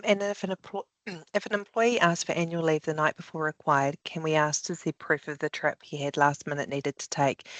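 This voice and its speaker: A webinar moderator reads audience questions over a video call, with brisk, upbeat acknowledgements. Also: mid-range voice, a bit bright, no echo.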